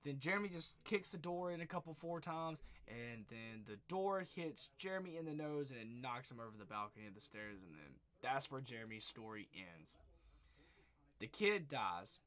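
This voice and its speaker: Rambling, bright-voiced young man recapping. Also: medium pitch, lively intonation, normal speed. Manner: rambling, swears freely, leans on "just" and "like". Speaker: movie reviewer. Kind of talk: casual spoiler recap.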